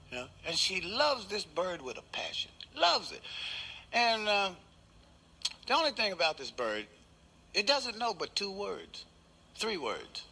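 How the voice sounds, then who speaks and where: A man's voice: high-pitched, sharp tone, slight background noise. A man doing a laid-back stand-up routine on a television stage, chuckling at his own jokes. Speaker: stand-up comedian.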